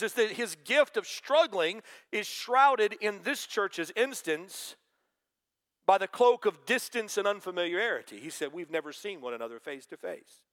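Very high-pitched and sharp in tone, this man's voice belongs to a pastor preaching to a congregation. His delivery is conversational, with quoted scripture worked in as asides.

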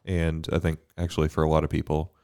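A man, a priest co-hosting a podcast, talking in a relaxed, thoughtful way with frequent fillers and easy laughs. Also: very deep voice, quick pace, clear, resonant tone. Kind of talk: casual faith podcast chat.

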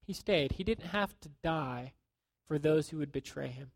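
A man preaching a sermon in a conversational way, acting out quotes and dropping to a hushed tone at times. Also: on the high side, moderate pace, gravelly, dry recording. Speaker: pastor.

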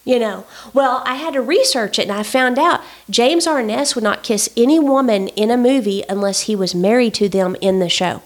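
A woman telling a story in casual chat, animated and indignant, with many fillers. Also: fairly high pitch, normal speed, few pauses.

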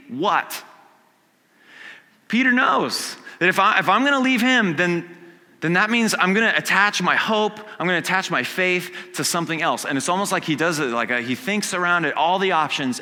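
A man preaching a casual, conversational sermon. He acts out quotes and swings from hushed to loud. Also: sits high, long reverb tail. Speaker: pastor. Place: church sanctuary.

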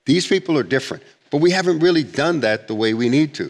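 A man's voice: fairly high pitch, animated. Guy teaching bible stuff, emphatic, voice jumps around a lot, echoey room. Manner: emphatic, repeats himself, reads scripture slowly.

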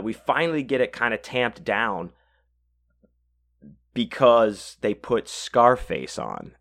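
A man with a lowish voice tells a story on his podcast in a loose, chatty way. He swears often and trips over his words as he goes, backing up and starting his sentences again. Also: fairly bright tone. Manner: rambling, profane, many fillers and restarts. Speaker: podcast host. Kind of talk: casual storytelling.

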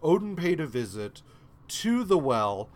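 A man's voice: fairly high pitch, big pitch swings, measured pace. A man co-hosting a podcast, casually retelling a story in a rambling, profane way with many fillers. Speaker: podcast co-host. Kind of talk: casual comic recap chat.

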